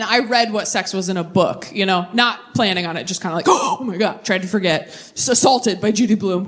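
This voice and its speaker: A young woman doing stand-up comedy to a live audience, riffing quickly and mocking herself. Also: on the high side, a bit bright, slight background noise. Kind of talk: stand-up set with crowd work. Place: theater stage before a live audience.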